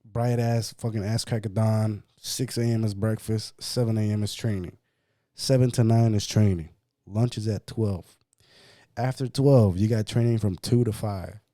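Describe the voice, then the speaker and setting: A man co-hosting a podcast, telling a personal story in a casual, profane, animated way and acting out what others said. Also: fairly low pitch, normal speed, no room sound, studio quality. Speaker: podcast co-host.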